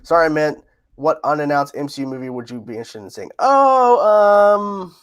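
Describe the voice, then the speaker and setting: A man chats casually on a livestream, answering viewer questions. His voice sits a little high for a man. He laughs often and tends to repeat his phrases. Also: lively intonation, moderate pace. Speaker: livestream host.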